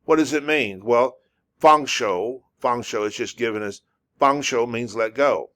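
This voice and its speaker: A man's voice: mid-range voice, measured pace, fairly bright tone. A man teaching a language lesson, patiently repeating words and sounds over and over. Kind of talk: slow, repetitive language lesson.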